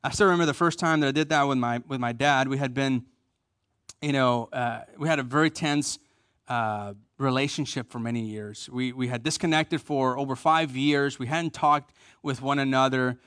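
A middle-aged pastor delivers a conversational sermon, repeating key phrases for emphasis, joking at his own expense, and dropping soft and low for tender moments. He speaks at normal speed with a clean tone, recorded in a clean studio with no room sound.

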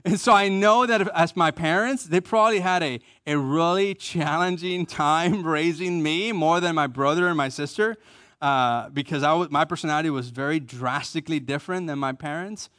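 Higher-voiced middle-aged male pastor preaching. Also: normal speed, fairly bright tone, no room sound, studio quality. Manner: repeats key phrases for emphasis, self-deprecating humor. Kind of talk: conversational sermon.

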